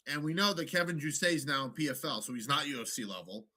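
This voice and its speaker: A man co-hosting a podcast in loose, profane banter about fights. His voice sits a bit high and swings up and down in pitch. The tone is bright and sharp. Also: fast. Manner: animated and profane, slips into mock voices. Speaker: podcast co-host. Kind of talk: casual sports banter.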